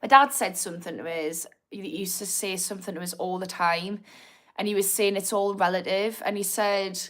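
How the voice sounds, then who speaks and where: A woman's voice: mid-range voice, steady tone, normal speed. A woman with a Geordie accent and a slightly posh edge, chatting frankly on a livestream and answering viewers' comments as host. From Newcastle, England. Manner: frank and chatty, swears freely, reads comments aloud. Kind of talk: casual live-stream chat.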